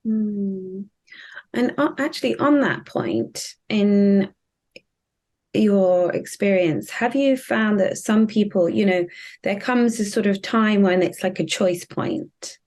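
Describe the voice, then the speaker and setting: A woman hosting an interview, asking thoughtful questions in a halting way. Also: medium pitch, expressive, darkish tone. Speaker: interviewer, host. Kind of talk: conversational interview.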